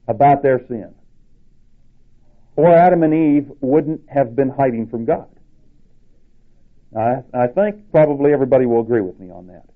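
A man preaching a sermon with emphatic delivery, rising in pitch to stress his points. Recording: tinny phone-like sound.

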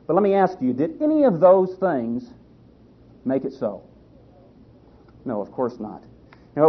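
Husky-voiced folksy preacher. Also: male voice, a little high. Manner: folksy, halting with restarts. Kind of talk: storytelling sermon. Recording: dull lo-fi recording.

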